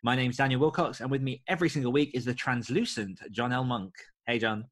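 A man from the UK hosting a writing podcast, talking in a friendly, measured, slightly formal way. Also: medium pitch, fairly even intonation. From United Kingdom. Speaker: podcast co-host. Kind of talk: podcast chat.

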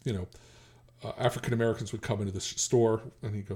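A man's voice: mid-range voice, quick pace, darkish tone, husky. A middle-aged man co-hosting a podcast, talking casually about a TV episode, hesitant, restarting often and chuckling. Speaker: podcast co-host. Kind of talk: casual chat.

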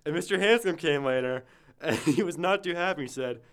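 A man's voice: fairly high pitch, a little fast, clear, resonant tone. Teasing young man hosting a chat. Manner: teasing, deadpan. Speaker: host asking questions. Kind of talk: casual question-and-answer chat.

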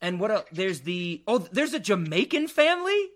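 A man hosting a casual movie podcast, animated, laughing and swearing freely. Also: high voice, normal speed. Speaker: podcast host. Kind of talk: casual movie review chat.

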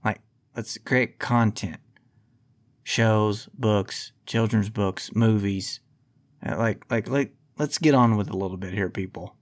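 A man's voice: on the low side, slow pace. Profane, heated man ranting. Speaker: podcast host. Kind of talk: ranting podcast monologue.

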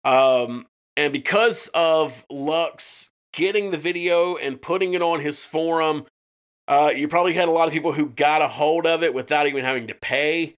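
A man's voice: a little high, normal speed. A man co-hosting a true-crime podcast in casual chat, swearing often and restarting his sentences. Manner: profane, with frequent restarts and fillers. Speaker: podcast co-host.

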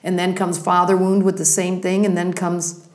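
A woman's voice: on the low side, monotone, normal speed. A woman, a ministry leader, explaining her program step by step as a podcast guest. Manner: warm explanatory teaching, listing steps. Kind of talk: podcast conversation. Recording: roomy echo.

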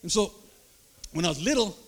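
An older man preaching a sermon, emphatic, checking in with the crowd through quick rhetorical asides. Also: sits high, animated, husky. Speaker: pastor.

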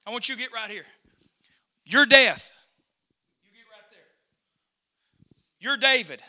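A male pastor preaching a sermon in a church, punctuating phrases with 'uh' and building up to shouting. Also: very high-pitched. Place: church sanctuary during a service.

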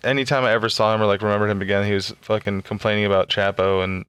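A sardonic man with a smooth, resonant voice swears freely in a casual podcast chat. The recording is dry and close. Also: on the low side, little pitch movement, rapid-fire, a bit bright, dry recording. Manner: sardonic, profane. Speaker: podcast co-host.

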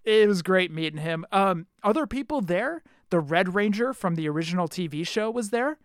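A young man hosts a casual chat podcast with an easygoing, enthusiastic way of telling stories. His voice is smooth and clear, sitting slightly high. The sound is close and dry. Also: animated, moderate pace, dry recording. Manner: enthusiastic, laid-back storyteller. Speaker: podcast host.

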